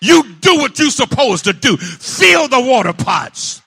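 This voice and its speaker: A male pastor a fiery sermon, shouting and repeating his points. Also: very high voice, big pitch swings, unhurried, vocal fry, breathy edge, no echo. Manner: shouting, call-and-response preaching.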